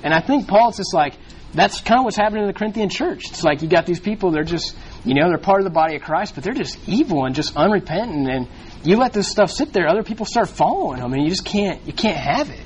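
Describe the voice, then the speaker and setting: A man leads a small Bible study, teaching scripture casually and unscripted, rambling with lots of fillers and frequent restarts. His voice is a little high for a man, animated and quick. The recording is low quality, with a faint hiss underneath.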